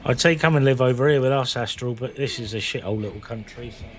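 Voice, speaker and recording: A man's voice: mid-range voice, fast. A man chatting to his viewers while he streams a game, rambling and joking between rounds. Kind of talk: live gameplay commentary.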